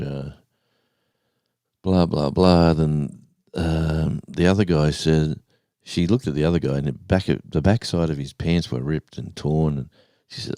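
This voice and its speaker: A man hosts a casual live stream, wandering through a long everyday story and stopping to greet people in the chat. His voice is extremely low and dark. The sound is dry and close, with no room echo. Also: steady tone, unhurried. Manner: rambling storyteller, reads chat names aloud, says mate.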